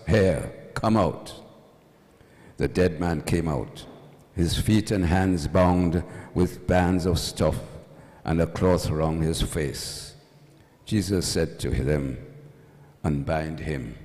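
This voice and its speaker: A male priest reading the gospel and preaching at a funeral service in a church, with a measured, solemn delivery and touches of dry humor. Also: rumbling low, a little mellow. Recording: long church reverb.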